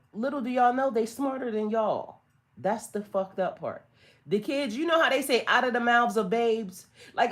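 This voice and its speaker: A woman talks straight to her viewers during a spiritual reading. She is blunt and sassy, swears freely and hammers her points home with emphasis. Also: on the high side. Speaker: spiritual tarot reader. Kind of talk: casual livestream reading.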